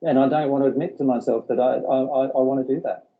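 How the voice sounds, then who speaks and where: A man's voice: mid-range voice, steady tone, fast talker, narrow, tinny audio. A man leading a spiritual workshop, explaining earnestly and often repeating his words. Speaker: workshop teacher.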